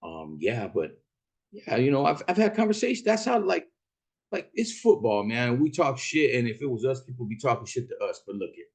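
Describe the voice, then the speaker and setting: A man's voice: mid-range voice, normal speed, gravelly, breathy edge. Profane man telling a rideshare story. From Arizona. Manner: profane, animated retelling with voiced quotes. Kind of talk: casual storytelling monologue.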